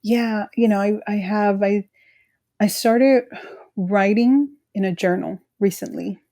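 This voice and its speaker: Woman in her 30s, low gravelly voice, dark tone, halting and soft, lots of "you know". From California. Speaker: guest sharing her grief. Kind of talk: emotional personal conversation.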